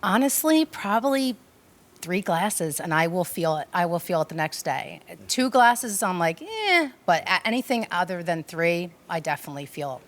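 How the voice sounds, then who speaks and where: Woman in her forties, low-ish voice, candid and giggly audience guest. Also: animated, moderate pace. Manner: laughing, candid. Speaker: audience member. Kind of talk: casual on-air chat.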